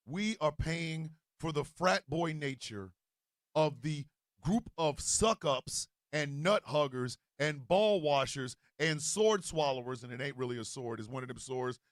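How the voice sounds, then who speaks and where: A male show host with a mix of New Jersey and Missouri accents who gives a loud, profane political rant, with bursts of shouting. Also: fairly high pitch, lively intonation, measured pace, no room sound, clean studio sound.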